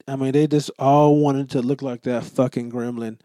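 A man's voice: medium pitch, moderate pace, no echo, studio quality. A young adult man hosting a podcast, talking casually and joking with a lot of profanity. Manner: profane, joking, animated storytelling. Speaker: podcast host. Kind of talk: casual solo podcast monologue.

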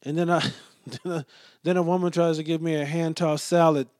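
A man telling a story in a casual rant, profane and exasperated, sometimes dropping to low muttered asides. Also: little pitch movement, fairly quick, darkish tone, dry recording, studio quality.

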